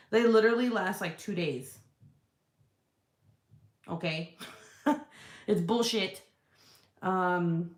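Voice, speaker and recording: A woman chatting casually to her viewers about products she sells, swearing freely, rambling and laughing as she goes. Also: mid-range voice. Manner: profane, rambling and laughing, talks straight to viewers. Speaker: online seller of home fragrance products. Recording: roomy echoey room sound.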